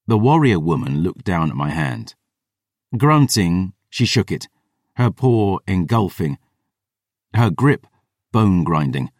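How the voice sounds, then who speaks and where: Deep, dry-voiced male audiobook narrator. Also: no echo. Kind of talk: first-person fantasy audiobook narration.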